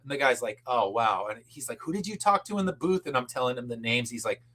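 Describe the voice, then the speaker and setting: Bright-voiced man telling a lively story. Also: mid-range voice, fast talker. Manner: animated, acts out quoted people, swears casually. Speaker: podcast guest. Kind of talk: casual storytelling chat.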